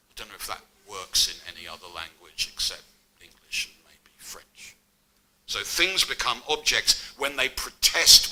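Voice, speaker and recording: Bright-voiced man giving a wry lecture. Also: medium pitch, rough recording. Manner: wry asides amid scholarly narration. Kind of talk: academic public lecture.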